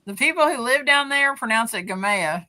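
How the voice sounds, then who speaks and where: Woman, podcast co-host, bright ringing tone, chatty. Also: on the high side, lively intonation. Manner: chatty, quick to chime in. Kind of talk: casual chat.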